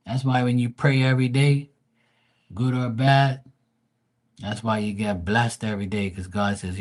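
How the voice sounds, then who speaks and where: Male tarot streamer, fairly low voice, blunt and foul-mouthed, casual chat with viewers. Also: steady tone, normal speed, a little mellow. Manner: blunt, profane, greets chat viewers by name. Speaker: livestream tarot reader.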